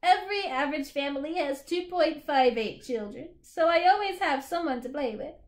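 Precise, cheerful storybook boy, high-pitched and explaining, read by a woman. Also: animated, moderate pace, roomy sound. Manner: matter-of-fact, explaining. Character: precise, cheerful little boy who is half a child.

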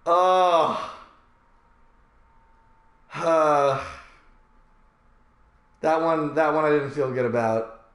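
A man giving live gameplay commentary, swearing and yelling at the game in sudden outbursts, with sarcastic self-mocking asides. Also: fairly high pitch, slow, long pauses. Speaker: gamer streaming live. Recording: roomy with loud background sound.

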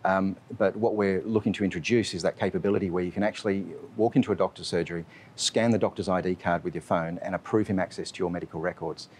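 A man speaks quickly in a very deep voice, answering interview questions as a strategy officer. He hesitates often and fills gaps with ums and uhs. A faint noise hangs underneath the recording. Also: steady tone, darkish tone. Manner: hesitant, heavy with fillers.

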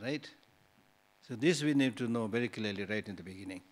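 A man's voice: on the low side, brisk. A male Buddhist teacher giving a dharma talk in a hall, conversational and teasing, full of rhetorical questions.

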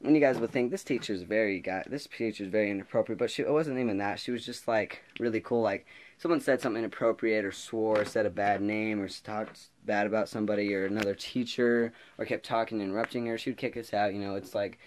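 A man's voice: on the low side, fast talker, hardly any pauses, slight background noise. Rambling teenage guy telling school stories. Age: teens. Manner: rambling, laughing, animated retelling. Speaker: vlogger. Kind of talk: casual storytelling vlog.

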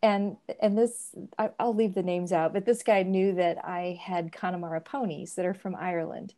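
A woman on a video call telling a workplace story in a halting, amused way. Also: fairly low pitch, steady tone, mellow. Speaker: audience member asking a question.

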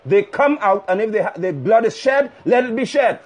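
A male preacher delivers a fiery, rebuking sermon over a phone livestream. His voice sits high and carries a husky edge. He drives each point home by repeating it with force. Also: lively intonation, normal speed. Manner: fiery, rebuking, emphatic repetition.

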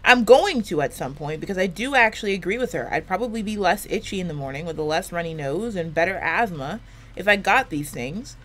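A woman with a slight lisp rambles while she plays a video game. Her pitch swings widely as she complains and swears in a loose, joking way. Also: lively intonation, a little fast, slight background noise. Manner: rambling, profane, jokey complaining. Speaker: gaming YouTuber. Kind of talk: casual chat while playing a video game.

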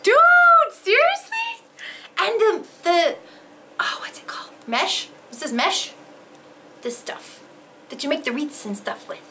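A woman opening fan mail on her vlog, gasping and excitable, swearing freely in casual chat, overwhelmed with emotion. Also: sits high, a little slow, long pauses, background noise.

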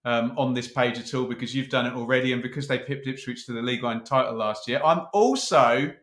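A chatty man hosting a casual talk show, speaking straight to his viewers at a mid pitch. His voice rings with the echo of a roomy space. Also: fairly quick, fairly bright tone. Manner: chatty, addresses the viewers directly. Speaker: host. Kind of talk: casual chat.

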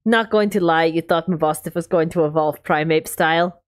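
A woman's voice: low voice, fairly quick. A woman streamer giving casual, chatty commentary over gameplay while talking to her chat. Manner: chatty, animated, talks to chat.

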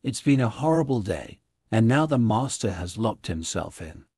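A man reading as a fretful old housemaid in a storybook reading. The voice is husky and stays in the reader's own range, recorded dry and close. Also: fairly low pitch, very animated, moderate pace, warm tone, no echo, heavily acted. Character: worried old female housemaid.

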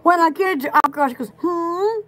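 A woman in casual, rambling chat, excitable and giggly, often restarting her sentences. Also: sits high, fast talker. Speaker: store vlogger.

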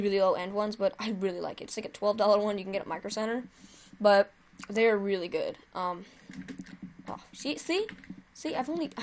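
A woman hosting her own gaming video, giving chatty, excitable live commentary while she plays and cheering at her wins. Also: medium pitch.

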